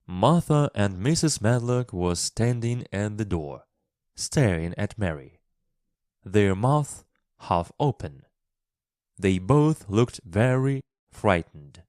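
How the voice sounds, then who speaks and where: A man who tells stories and teaches English, reading a storybook for English learners in a slow, expressive way. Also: lowish voice, no echo, clean studio sound.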